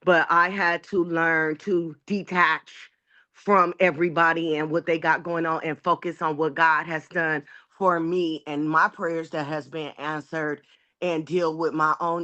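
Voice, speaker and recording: A woman in a group coaching call, earnestly sharing how she feels, pausing with fillers as she goes. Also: sits low, bright, forceful tone. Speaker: group member. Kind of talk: casual sharing on a video call.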